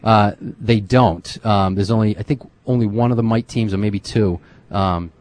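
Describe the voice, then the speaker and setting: A man's voice: fairly low pitch, fairly even intonation, moderate pace, darkish tone. A middle-aged man co-hosting a casual radio chat, rambling with many restarts. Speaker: co-host and youth football coach.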